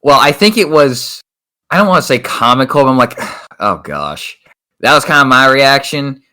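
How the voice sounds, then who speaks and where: A man co-hosting a racing talk show, chatting casually and reacting with quick exclamations. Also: mid-range voice, sharp tone. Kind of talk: casual chat.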